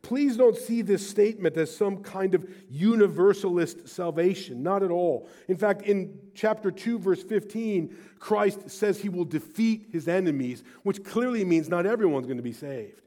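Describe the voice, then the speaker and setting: Male pastor, middle-aged, high pitch, emphatic storytelling sermon. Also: normal speed, few pauses, warm tone.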